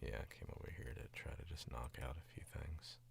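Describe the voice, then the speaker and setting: A man's voice: very deep voice, expressive, brisk, vocal fry, breathy edge, no echo. A man from the American South chatting casually on a stream about his voice work, sick and sleepy, rambling with chuckling asides. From Southern United States.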